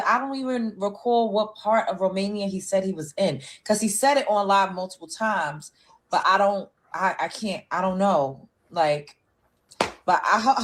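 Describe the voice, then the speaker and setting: A woman host giving casual commentary, chatty and retelling events with quoted voices. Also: mid-range voice.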